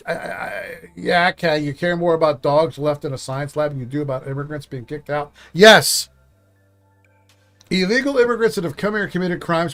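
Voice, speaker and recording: Casting note: high-pitched male host, sarcastic and crude, with faint music underneath. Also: a bit bright. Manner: sarcastic, mocking, profane. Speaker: commentary show host. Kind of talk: reaction commentary.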